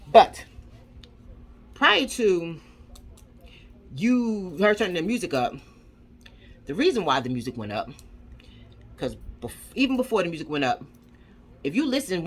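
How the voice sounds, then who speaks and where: A woman's voice: lowish voice, very animated, normal speed, long pauses, breathy edge. A woman vlogger ranting angrily, swearing and firing off rhetorical questions with lots of repetition. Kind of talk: angry commentary rant.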